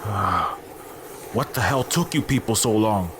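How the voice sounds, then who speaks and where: A man's voice: lowish voice, expressive, unhurried, noisy background. A man voicing a nervous, blunt social worker in a video game, who blurts things out and then apologizes.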